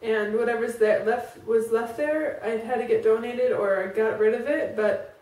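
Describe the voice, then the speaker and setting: A high-voiced woman in her thirties tells a personal story to camera, rambling and restarting, filling gaps with "like". She sits back from the mic in an echoey room, so her voice sounds roomy. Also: a little slow, darkish tone, far from the mic. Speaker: vlogger.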